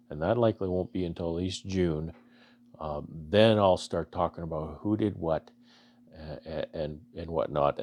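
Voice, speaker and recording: Low gravelly man, earnest and halting. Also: darkish tone. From Canada. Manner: halting, many restarts and fillers, earnest. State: emotional, choking up. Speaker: beekeeper vlogger. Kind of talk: casual heartfelt talk to camera.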